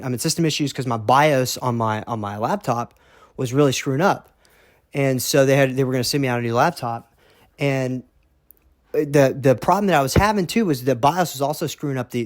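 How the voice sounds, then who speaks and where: A man from Texas tells a story in a loose, rambling way, cursing and restarting his sentences as he gets worked up. His voice sits at an ordinary middle pitch. The recording is dry, with little room sound. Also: dry recording. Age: young adult. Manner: rambling, heated, profane, repeats words. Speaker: podcast host. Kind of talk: casual storytelling monologue.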